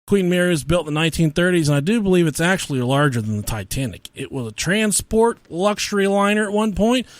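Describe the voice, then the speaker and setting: A man's voice: high-pitched, expressive, fast, few pauses, no echo. A man co-hosting a podcast, telling stories in a casual comedic way, swearing a lot and laughing often between lines. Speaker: podcast co-host.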